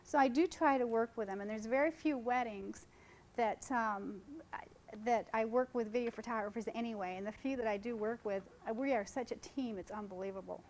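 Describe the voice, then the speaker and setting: A woman's voice: fairly high pitch, fairly quick, a little mellow, poor audio. A middle-aged woman giving a casual seminar to photographers, chatty and joking, jumping from topic to topic. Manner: chatty, jumps between topics, jokes with audience. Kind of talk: informal seminar talk to photographers. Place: conference room.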